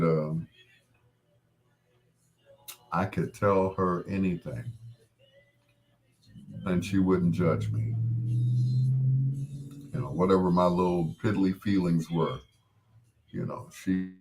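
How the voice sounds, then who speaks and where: A middle-aged man hosting a casual talk show, gently consoling a grieving listener in a meandering way with frequent restarts. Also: low voice. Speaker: host.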